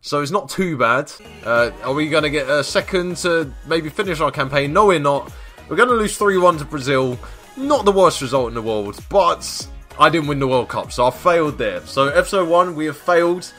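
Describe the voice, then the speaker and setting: A man commentating his own football management game, dry and self-mocking, shouting when a goal goes in. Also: a little high, animated, moderate pace, soft background music. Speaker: gaming YouTuber.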